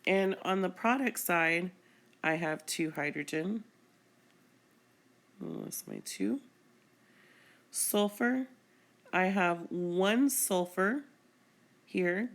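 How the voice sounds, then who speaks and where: A woman's voice: on the low side, slow pace. A woman chemistry teacher explaining a screencast lesson patiently, step by step.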